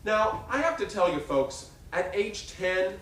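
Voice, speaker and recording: A man in his fifties performing a one-man show, telling stories in an animated, self-mocking way. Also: high voice, a little slow, a little hiss or hum. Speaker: stage performer. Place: theater stage. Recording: roomy live stage sound from a distance.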